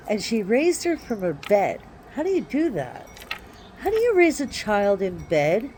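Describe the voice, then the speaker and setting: Slow-talking woman rambling outdoors. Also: medium pitch, sing-song, darkish tone, a little hiss or hum. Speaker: vlogger. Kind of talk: rambling casual monologue. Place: backyard by a wooded area, outdoors.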